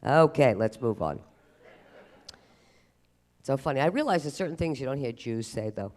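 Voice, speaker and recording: A man's voice: mid-range voice, normal speed. A man performing a self-deprecating stand-up comedy routine on stage. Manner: animated, self-deprecating delivery. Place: live comedy stage at a museum event.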